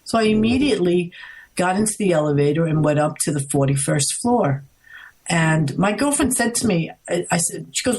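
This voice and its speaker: A woman's voice: normal speed, breathy edge. A woman with a New York accent, a guest in an interview, telling her stories in a chatty way and acting out what people said. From United States. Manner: chatty, acts out quoted lines with lively pitch jumps. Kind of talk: casual interview storytelling.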